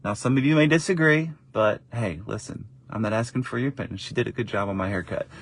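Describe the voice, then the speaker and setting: A middle-aged man tells a personal story straight to camera in a casual, animated way. He jumps up into a higher voice to act out the people he quotes, then settles into warm encouragement. His voice sits in a middle range, recorded dry and close. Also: quick pace, no echo. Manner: encouraging, faith-based wrap-up. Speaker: father and faith vlogger.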